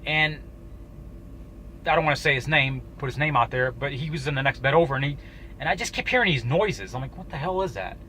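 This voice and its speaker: A man telling a personal story to camera in a casual, halting way, swearing often and restarting his sentences. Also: mid-range voice, bright, forceful tone, a little hiss or hum, low-quality recording. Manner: profane, halting, with frequent restarts. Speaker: YouTuber.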